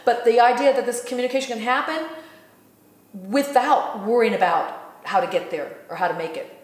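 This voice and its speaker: A woman hosting a casual spiritual talk, animated and laughing often as she acts out what others said. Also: on the high side, moderate pace, echoey room. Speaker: host.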